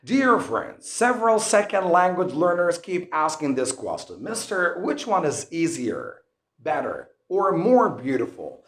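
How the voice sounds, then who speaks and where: A man's voice: on the high side, huge pitch swings, fairly bright tone. A man teaching an online English lesson in an earnest, instructive way, whose first language is Arabic. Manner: earnest, instructive, slow deliberate explanations. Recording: roomy echo.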